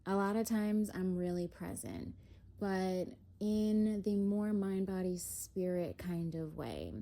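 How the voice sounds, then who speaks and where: A young woman doing a casual spiritual chat as an oracle card reader, slightly out of breath, airy and unhurried, with soft laughs. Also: mid-range voice, gravelly. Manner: slow, airy, lots of "if you will" and soft laughs. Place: home, indoors.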